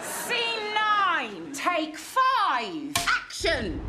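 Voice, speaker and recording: An exasperated film director. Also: female voice, very high-pitched, huge pitch swings, extremely slow, a loud crowd, heavy background noise, full character voice. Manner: curt, exasperated commands. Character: exasperated female film director, middle-aged. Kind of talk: sitcom acting.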